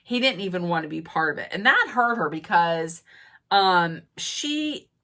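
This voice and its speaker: A woman with a somewhat low voice talks through a reality show episode in a relaxed, chatty way. She backtracks often, fills gaps with ums, and restarts her sentences as she goes. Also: a little slow. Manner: chatty, frequent fillers and restarts. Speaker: recap host. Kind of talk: casual episode recap.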